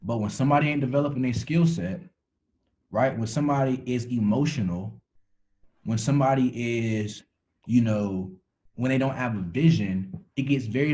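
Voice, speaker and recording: A man's voice: medium pitch, a little mellow, lo-fi sound. A man giving a motivational talk on a call, preachy, repeating phrases for emphasis and restarting words as he goes. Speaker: motivational speaker.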